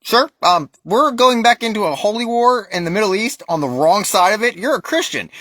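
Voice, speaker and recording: An American man rants at length, hot and swearing constantly, with a raised voice that sounds bright and forceful. The sound is dry and close, with no room echo. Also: high voice. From United States. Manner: profane, heated, emphatic ranting. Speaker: vlogger. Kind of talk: ranting monologue.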